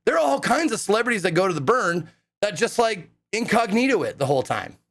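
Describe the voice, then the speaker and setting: A young man chats to his live viewers in a loose, rambling way, packed with swearing and fillers. His voice sits high and jumps around a lot in pitch as he gets worked up. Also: fast talker. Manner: excitable, profane, rambling with many fillers. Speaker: live streamer. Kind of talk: casual storytelling to a live chat.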